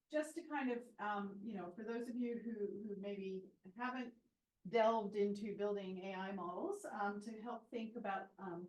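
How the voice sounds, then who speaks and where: A woman's voice: medium pitch, a little mellow. A woman giving a conversational seminar talk without a microphone, thoughtful and full of ums and restarts. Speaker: seminar speaker. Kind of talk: conversational presentation. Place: seminar room. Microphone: no microphone, room pickup. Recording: roomy hall sound.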